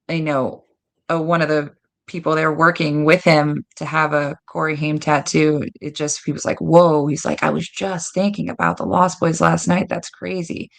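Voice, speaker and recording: A woman guest telling lively stories in a casual interview, acting out quoted dialogue. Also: low voice, creaky. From United States. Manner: animated, lots of "like" and quoted dialogue. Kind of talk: casual storytelling.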